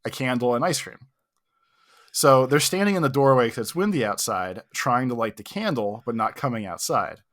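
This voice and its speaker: A man's voice: medium pitch, expressive, normal speed, a bit bright. Rambling young man telling a story. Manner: rambling, heavy use of "like", self-mocking. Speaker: podcast co-host. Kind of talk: casual storytelling.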